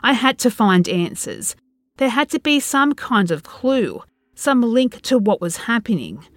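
A woman's voice: a little high, very animated, measured pace, no echo, studio quality. A woman narrating a first-person horror story in a tense, dread-filled storytelling manner.

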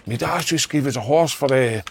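A man's voice: mid-range voice, brisk, gravelly, a little hiss or hum. A middle-aged Scottish man telling sweary, laughing anecdotes in casual podcast chat, acting out other people's lines. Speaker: podcast panellist.

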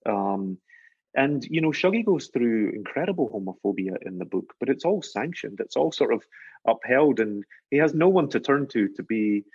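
A man with a Glaswegian accent, an author guest speaking in a thoughtful, earnest, measured way. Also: mid-range voice, animated, darkish tone, breathy edge, no echo, muffled recording. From Scotland. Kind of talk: reflective interview talk.

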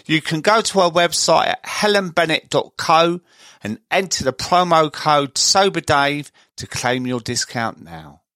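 A man's voice: on the high side, expressive, a little slow, sharp tone, dry recording. A man hosting a podcast, reading a scripted intro and then chatting with his guest in a friendly way. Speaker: podcast host.

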